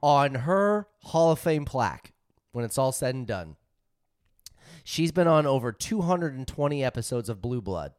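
A man's voice: medium pitch, big pitch swings, moderate pace, clear, resonant tone, no room sound, studio quality. A man co-hosting a casual movie podcast, sharing trivia with enthusiasm. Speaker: podcast co-host.

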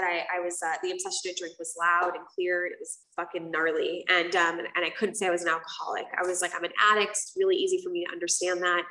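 A woman speaks candidly to a meeting room, telling her own story in a loose, casual way with plenty of "um" and "like." Her voice sits fairly low and the mic catches her from some distance, so it sounds roomy and echoey. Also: sharp tone. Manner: casual and candid, frequent fillers and swearing. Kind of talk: personal testimony to a live group.

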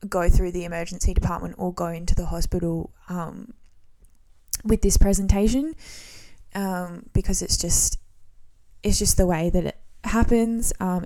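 A woman in her twenties hosting a solo podcast, talking casually in a relaxed, rambling way with frequent ums and restarts. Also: fairly low pitch. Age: 20s. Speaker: podcast host.

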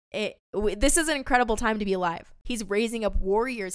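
Speaking in a mid-range voice with a clean tone, a young woman in early adulthood runs a devotional podcast about faith. She's earnest and passionate, often saying "you guys" to her listeners, and the recording is clean studio sound with no room noise.

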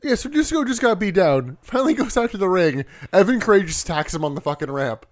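A man's voice: high voice, expressive, fast talker. Casual swearing man recapping from notes. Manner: swears freely, laughs often, reads from notes. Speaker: podcast co-host. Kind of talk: casual wrestling recap chat.

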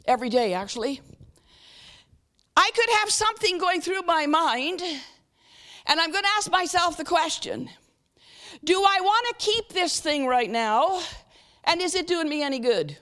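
A guest speaker, a woman, preaches a sermon in an expressive high voice that rises and falls with plenty of life. She often asks her listeners questions and invites their answers, then eases into a slow, soft guided reflection.

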